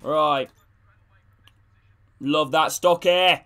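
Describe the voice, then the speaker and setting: A man's voice: on the high side, fairly even intonation, drawn-out words, pushed and bright. A young man streaming a football video game, greeting his chat and geeing up his teammates, with casual swearing. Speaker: gaming streamer. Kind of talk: live gameplay chat with viewers.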